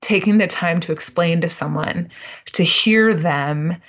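A woman speaking as a podcast guest, earnest and expressive in casual conversation. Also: fairly low pitch, measured pace, dull audio. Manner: earnest and expressive, many "like" fillers.

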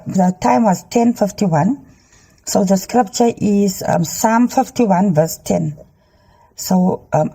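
Dark, husky woman sharing a dream. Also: mid-range voice. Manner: halting, many ums, preachy urging. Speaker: Christian dream sharer. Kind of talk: earnest testimony to a phone camera. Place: inside a car. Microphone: handheld phone.

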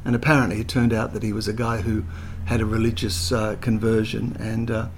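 A man's voice: fairly low pitch, flat delivery, fairly quick, slight background noise. An older man, talking as an interview guest, telling chatty anecdotes full of fillers. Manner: chatty storyteller, hesitant with fillers, slips into voices.

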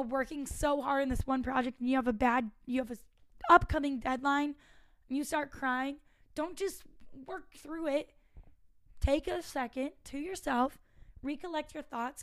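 A young woman in her twenties talks through advice in a high voice, frank and chatty, dropping the odd swear word. The recording is dry and close, with no room sound. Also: no room sound. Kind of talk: casual advice monologue.

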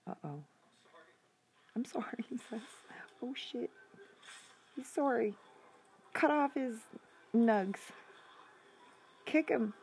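A woman reacting aloud to a horror game, talking at the screen and swinging from whispers to shouts. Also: a little high, expressive, slow, gravelly, pauses often, slight background noise, poor audio. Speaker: gaming video host.

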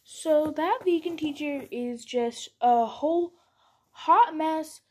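A woman's voice: high-pitched, measured pace, heavy background noise. A young woman hosting her own podcast at home, chatty and scattered, often stopping herself and starting over. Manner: chatty, scattered, self-interrupting with frequent restarts. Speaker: podcast host. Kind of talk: casual solo podcast bloopers.

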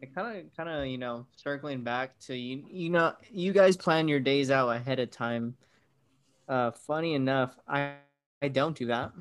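A man's voice: medium pitch, normal speed, clean tone. A young man co-hosting a podcast in rambling, joking casual chat. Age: young adult. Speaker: podcast co-host.

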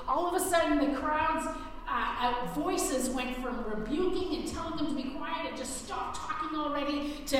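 A woman's voice: sits high, lively intonation, moderate pace, slight background noise. A woman preaching a sermon earnestly, with frequent restarts, acting out the voices she quotes. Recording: very echoey hall, faint room ambience.

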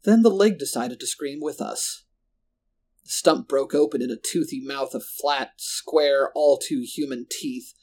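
A man tells a first-person horror story at a steady, measured pace. His voice sits in a middle pitch. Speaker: narrator.

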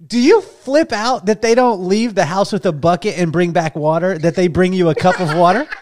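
High-voiced playful male host. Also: moderate pace, a little mellow, slight background noise. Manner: playful, probing, laughs while asking. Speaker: podcast host. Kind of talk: casual interview questions.

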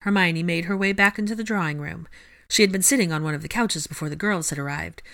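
A woman narrating a fan fiction chapter in a steady, measured storytelling manner. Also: fairly low pitch, vocal fry. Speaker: audiobook reader.

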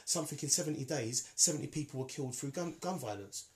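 A man's voice: medium pitch, lively intonation, quick pace, darkish tone. Emphatic man arguing his point. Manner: emphatic, argumentative, repeats himself. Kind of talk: casual debate.

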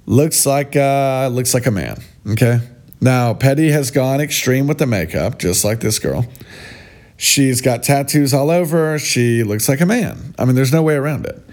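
A man's voice: medium pitch, a little mellow. A man giving sarcastic, mocking reaction commentary in a scornful tone. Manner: mocking, scornful, drawn-out delivery. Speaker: vlogger.

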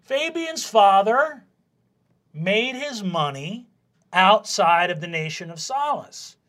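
Animated man running a tabletop game. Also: high voice, slow pace. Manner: loose, rambling narration with frequent swearing. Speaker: game master.

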